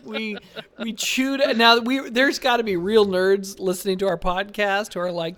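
A man's voice: sits high, steady tone, normal speed, a bit bright. A man co-hosting a casual podcast, joking, laughing and reading out news items with frequent restarts. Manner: jokey, laughs often, stumbles and restarts. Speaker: podcast co-host.

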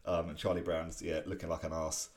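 A man's voice: low-pitched, monotone, a little fast. A man co-hosting a casual podcast, chatting about comic strips with frequent hesitations and chuckles. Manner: hesitant, many fillers and restarts, chuckling. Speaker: podcast co-host.

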